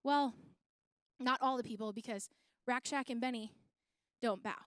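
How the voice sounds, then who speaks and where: A woman's voice: fairly high pitch, normal speed, a bit bright, clear, resonant tone, dry recording. A young woman giving a playful, slangy youth sermon, retelling a Bible story in casual terms. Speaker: youth speaker.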